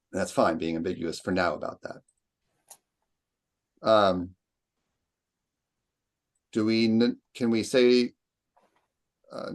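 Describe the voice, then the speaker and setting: Guy running a poetry class, low voice, thinks out loud, hams up the beat when he reads lines. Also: vocal fry. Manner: thoughtful, recites lines with exaggerated stress. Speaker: lecturer. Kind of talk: seminar discussion.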